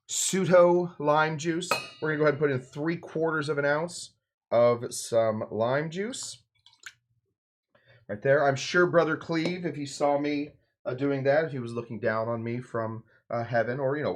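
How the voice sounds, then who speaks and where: A bartender hosting a cocktail show, talking loosely and rambling with lots of fillers and asides while he mixes drinks. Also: medium pitch. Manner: rambling, loose, full of fillers and side remarks. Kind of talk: casual cocktail-making demonstration.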